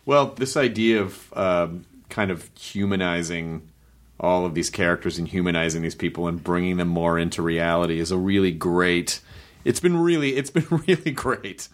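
A man's voice: low-pitched, normal speed. Joking male talk show host. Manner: relaxed, joking, some stammering. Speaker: interview host. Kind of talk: casual interview conversation.

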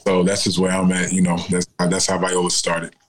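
A man's voice: deep voice, monotone, moderate pace, rough recording. A man in his forties, a guest on an interview show, talking casually and often checking in with "you know what I'm saying". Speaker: guest, cannabis company founder.

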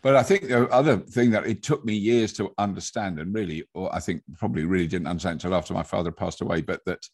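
An English man chatting as a podcast guest, a lively storyteller who restarts sentences and laughs as he goes. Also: sits low, fast, slightly rough. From England. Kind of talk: casual conversation.

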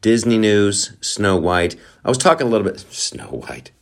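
A man's voice: lowish voice, lively intonation, moderate pace, creaky. A man hosting a comedy podcast, talking in a rambling, profane, sarcastic monologue with lots of fillers. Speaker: podcast host.

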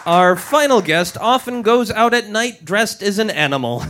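Man with a high voice hosting a live comedy show, playful, laughs a lot. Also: animated, moderate pace, a bit bright, a little hiss or hum. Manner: playful, laughing, addresses the audience. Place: stage before a live audience.

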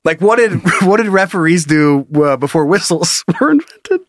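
High, lively man riffing with giggles. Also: normal speed, dry recording, studio quality. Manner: giggly, riffing, often breaks into laughter. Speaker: podcast co-host. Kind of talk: casual comedic banter.

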